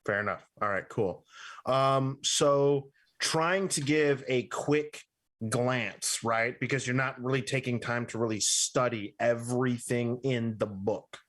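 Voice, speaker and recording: A man's voice: mid-range voice, unhurried, fairly bright tone. A man runs a tabletop game as game master. He talks in a mid-range voice, playful and loose, and he often stops to check in with his players. His narration rambles from one aside to the next.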